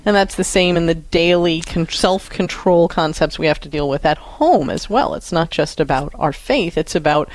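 A woman's voice: deep voice, normal speed, hardly any pauses. A woman co-hosting an advice talk show, earnestly explaining parenting routines to a caller. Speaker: radio show co-host, counselor.

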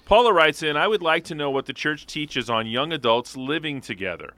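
Male radio co-host, crisp forceful tone, steady measured reading of listener letters, dry mic. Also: on the high side, no room sound. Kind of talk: reading listener mail aloud. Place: radio studio.

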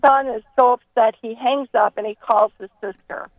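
A woman's voice: a little high, moderate pace, no room sound. Giggly woman telling a joke over the phone. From New York State. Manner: giggly, animated storyteller. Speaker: caller. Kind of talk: telling a joke on call-in radio. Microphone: telephone. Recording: muffled phone line.

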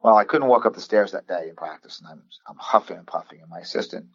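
A man in his fifties, a coach, earnestly telling a personal story in a podcast interview, halting and restarting as he recalls what people said. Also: on the low side, a bit bright, breathy edge, no room sound. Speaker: basketball coach guest. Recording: dull lo-fi sound.

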